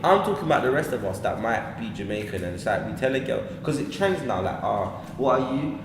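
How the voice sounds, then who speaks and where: A man's voice: medium pitch, a little fast. A man, co-hosting a casual group debate and telling stories with lots of laughter. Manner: animated, laughing storyteller. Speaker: co-host. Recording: echoey room, distant mic, background noise.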